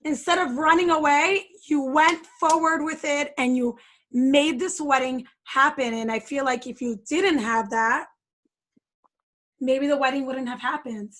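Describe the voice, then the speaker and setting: A woman's voice: high voice, fairly even intonation, unhurried, fairly bright tone. A woman hosting an interview, listening attentively and reflecting back on her guest's story. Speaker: podcast host. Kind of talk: interview conversation.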